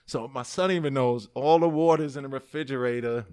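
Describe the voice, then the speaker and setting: The tone is clean and the pace brisk as this middle-aged rapper, a New Yorker from the United States, tells a long story as a podcast guest. In a mid-range voice he acts out others' dialogue and swears freely, keeping the casual interview animated.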